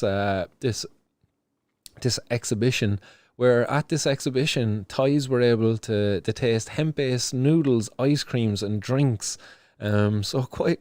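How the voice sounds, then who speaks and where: A man's voice: mid-range voice, darkish tone, dry recording. Ranting young Irish man, dry close sound. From Ireland. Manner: ranting, swears often, heavy fillers and restarts. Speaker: show host. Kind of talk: casual livestream news commentary.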